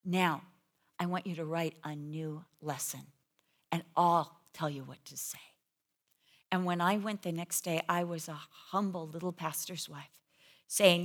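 A middle-aged woman, a pastor's wife, preaching a sermon and telling a personal story with animated energy. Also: lowish voice, a little slow. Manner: animated storytelling, acts out her own panicked voice.

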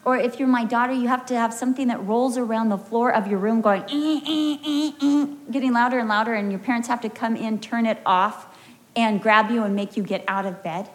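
A woman's voice: fairly high pitch, steady tone, fast. An American woman preaching a sermon in an emphatic, storytelling way with humorous asides. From United States.

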